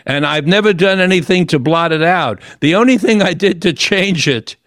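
Older man with a higher, dry voice. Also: normal speed, fairly bright tone, no room sound. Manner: earnest, reflective, with frequent restarts. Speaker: host. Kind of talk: personal storytelling in an interview.

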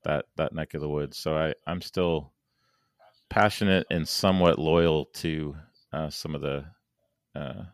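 A man from Saint Louis, a podcast guest talking casually in halting starts and restarts, his voice going hoarse. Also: rumbling low, fairly even intonation, no room sound. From Saint Louis, USA. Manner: halting, many restarts and fillers. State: losing his voice. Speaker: guest, engineer and planner.

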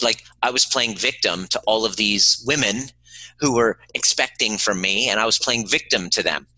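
A man's voice: fairly low pitch, bright, forceful tone, dry recording, rough recording. A man speaking as a podcast guest, earnest and emphatic, telling stories and acting out the dialogue. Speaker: podcast guest, emotional healing teacher. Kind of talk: conversational interview, storytelling.

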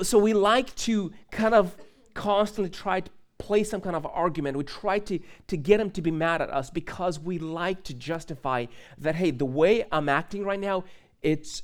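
A young man preaching in a church, telling a personal story in a casual, chatty way and asking the congregation questions. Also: on the high side. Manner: casual, animated storytelling with laughs and asides to the audience. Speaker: pastor. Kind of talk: conversational sermon with personal story.

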